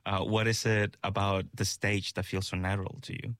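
A man's voice: lowish voice, level tone, normal speed, fairly bright tone, no room sound. A man interviewing a musician, asking questions with brief, upbeat reactions.

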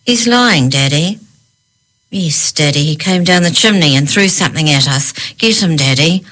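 A woman's voice: animated, a bit bright. A woman voicing a spoiled little boy who whines and tattles to his father. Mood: tattling. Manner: wailing, high and slow.

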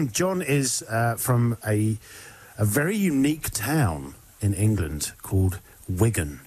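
Husky, rambling male radio DJ. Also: fairly low pitch, very animated, takes it slowly, darkish tone. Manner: rambling, chatty, self-interrupting. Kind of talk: casual on-air chat between songs.

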